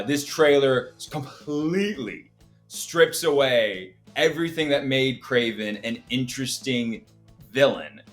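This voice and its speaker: A man's voice: mid-range voice, fairly bright tone. Male podcast co-host, casual chat, scornful critic, faint background music.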